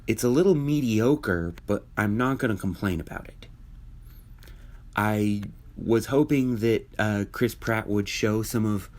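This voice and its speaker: A man's voice: on the low side, darkish tone. A man giving casual, opinionated commentary on a film trailer, thinking aloud with restarts and fillers. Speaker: video commentator.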